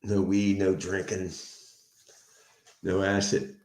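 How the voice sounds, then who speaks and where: A man's voice: sits low, takes it slowly. Profane Philadelphia man venting in a roomy echo. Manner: profane, animated storytelling. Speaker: sober house manager. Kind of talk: casual venting monologue. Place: indoors at home.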